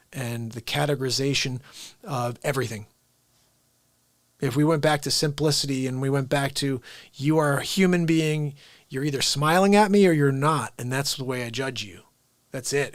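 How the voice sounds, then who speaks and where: A man's voice: medium pitch, moderate pace, no echo. A man hosting his daily live stream, ranting casually and talking straight to his viewers. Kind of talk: unscripted live-stream chat.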